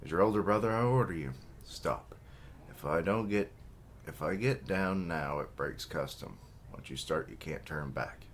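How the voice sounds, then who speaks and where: A man's voice: low-pitched, normal speed, slight background noise. A man reading the lines of a resolute young archer, the older brother, in a firm, commanding way.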